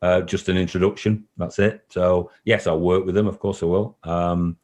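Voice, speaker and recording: Over a call recording, a football club chief executive answers interview questions earnestly, repeating himself and sometimes growing emotional. His voice is low and darkish, with a flat delivery at a moderate pace.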